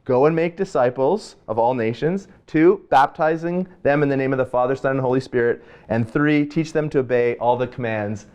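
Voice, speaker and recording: Casting: male church host, casual storyteller, relaxed and friendly banter. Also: medium pitch, moderate pace, few pauses, clean tone, dull audio. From Canada. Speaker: host, pastor. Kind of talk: casual faith discussion.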